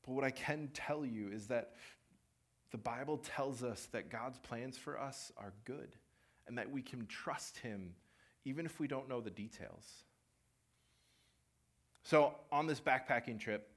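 A man's voice: medium pitch, unhurried, pauses often. Conversational young male preacher. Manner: conversational, animated storytelling with acted-out quotes. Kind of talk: sermon with personal story.

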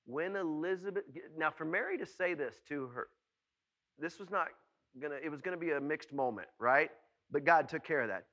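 A man preaching a sermon, animated, often calling out questions to his listeners and acting out the voices of people in his story. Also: fairly high pitch, normal speed, highs cut off.

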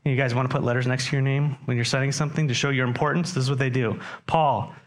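Guy preaching a sermon, chatty and lively, keeps asking the crowd questions. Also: mid-range voice, fast. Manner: conversational, asks the congregation questions. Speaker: pastor.

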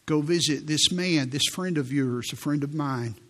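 Earnest older male pastor preaching. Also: a little high. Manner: storytelling, quiet and earnest, slowing for quoted prayers. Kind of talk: sermon. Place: church sanctuary.

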